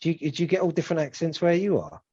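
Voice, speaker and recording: A man, hosting a podcast and chatting casually, animated and sweary as he rambles. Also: a little high, racing, slightly rough. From England. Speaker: podcast host. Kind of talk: casual chat. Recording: dull lo-fi sound.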